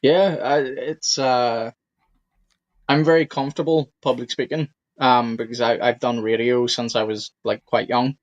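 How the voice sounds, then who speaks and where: A man from Ireland with an Irish accent, co-hosting a casual podcast chat in a dry, relaxed manner. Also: mid-range voice, a little slow, dry recording, highs cut off. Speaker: podcast co-host.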